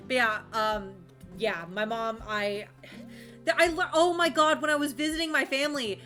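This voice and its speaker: Bright-voiced young woman streamer, chatty. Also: high-pitched, moderate pace, faint music behind. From Florida, US. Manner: rambling, laughing often, casual swearing. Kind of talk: casual chat while streaming a game.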